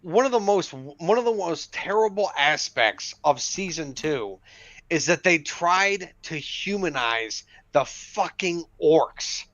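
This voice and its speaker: A man's voice: on the high side, expressive, takes it slowly, a bit bright, no room sound. Ranting man on a dull, dry mic. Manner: ranting, emphatic, profane. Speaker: podcast co-host. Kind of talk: casual chat.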